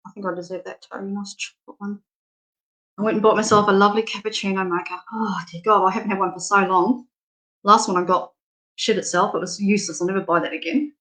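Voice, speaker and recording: A woman's voice: medium pitch, fairly even intonation, fast talker, a bit bright. A middle-aged Australian woman giving a spiritual reading on a live stream, frank and affectionate, laughing often. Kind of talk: casual live-stream chat.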